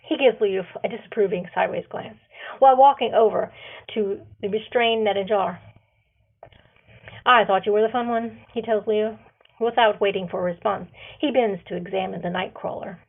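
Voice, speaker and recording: A woman author reading her own fantasy story aloud, slow and deliberate with the odd slip, on a phone recording. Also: mid-range voice, vocal fry, husky, phone-quality sound.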